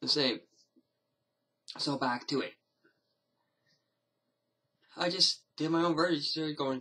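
Husky, bright-voiced rambling male vlogger. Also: on the high side, slow, long pauses, low-quality recording. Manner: rambling, hesitant, with frequent restarts. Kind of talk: casual to-camera vlog. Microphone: camera mic.

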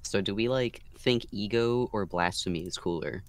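A woman's voice: very deep voice, normal speed, no echo. A woman playing a tabletop game, laid-back and slangy in casual chat. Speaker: player.

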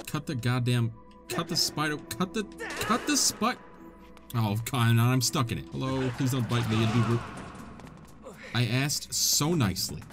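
A man narrates his gameplay in a wisecracking let's-play style, laughing often. His voice swings high and low with lively pitch. Soft game music plays underneath. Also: a little slow, long pauses. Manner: jokey, wisecracking, laughs a lot. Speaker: gaming channel host.

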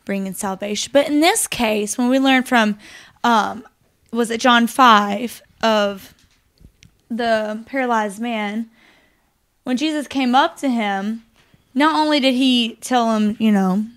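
Chatty high-voiced young woman. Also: slow. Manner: animated, chatty, filler-heavy. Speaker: podcast co-host. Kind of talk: casual faith discussion.

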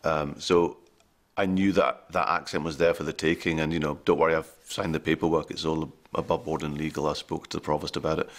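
A man's voice: extremely low pitch, little pitch movement, fairly quick. A man in a casual interview, talking with light humour about playing a character.

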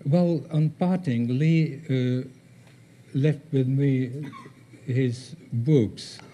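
An older man gives a conference talk over slides, halting, with many pauses and fillers. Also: mid-range voice, dark tone, a little hiss or hum. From former Soviet Union. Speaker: guest speaker.

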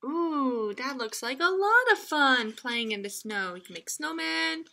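A woman reading a picture book aloud to young children, gentle and playful, often laughing and asking questions. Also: high voice, sing-song, measured pace, creaky. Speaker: children's librarian. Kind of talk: children's story time reading. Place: library online session.

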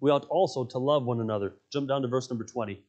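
A man's voice: mid-range voice, quick pace, a little mellow, muffled recording. A male pastor preaching a sermon in a church, telling stories with emphasis and repeating his key phrases. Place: church sanctuary.

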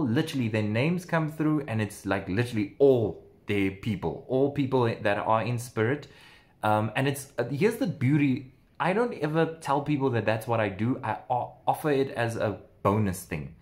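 A man of middling pitch tells a story to camera in a casual vlog, animated and chatty. He works as an empath giving personal readings and punctuates his sentences with punchy sound words. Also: normal speed.

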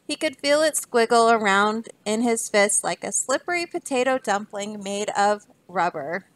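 A woman, a teacher, reading a children's storybook aloud with lively expression. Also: mid-range voice, moderate pace, dry recording.

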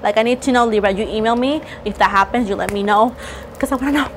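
A woman doing a casual tarot reading to camera, chatty, playful and teasing, getting excited as she goes. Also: fairly high pitch, fast talker, slight background noise. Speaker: tarot reader.

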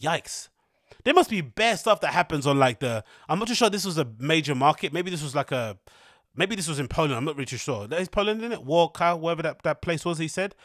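A man hosts a podcast in rambling, casual commentary. He is animated, cheeky and profane, full of slang. His voice sits a little high and is recorded close and dry. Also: quick pace, no room sound. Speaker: podcast host.

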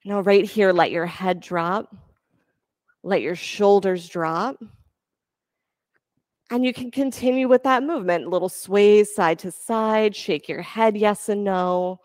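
A woman yoga instructor giving calm, encouraging cues for breath and poses during a class. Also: medium pitch, slow, no echo, clean studio sound.

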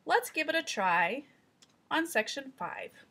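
A woman reading teacher giving calm, step-by-step instructional narration. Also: high voice, slow pace. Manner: calm, explanatory, guiding the listener step by step.

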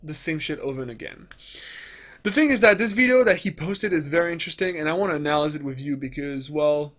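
A man rants through a commentary vlog, swearing freely and mimicking the people he criticizes. His speaking voice sits high for a man. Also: fast, a bit bright. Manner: ranting, profane, mocks others in put-on voices. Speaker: gaming commentator.

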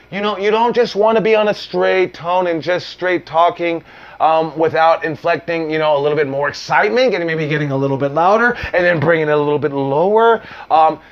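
A man's voice: fairly high pitch, highs cut off. A man coaching on wrestling promos in a loose, casual talk, full of fillers, restarts and the odd swear word. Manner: uses mild profanity.

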